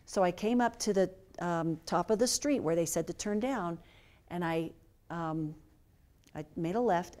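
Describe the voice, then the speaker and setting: A middle-aged woman speaker telling a personal story to a lecture audience, earnest, with many fillers, dropping to a hush at moving parts. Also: sits low. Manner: earnest, hushed when moved, many fillers. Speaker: guest speaker. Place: lecture hall.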